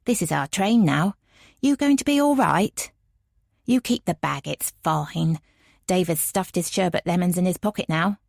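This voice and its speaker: A woman voicing a brisk, motherly woman, bossy but comforting. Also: on the low side, lively intonation, gravelly, darkish tone, no room sound, studio quality.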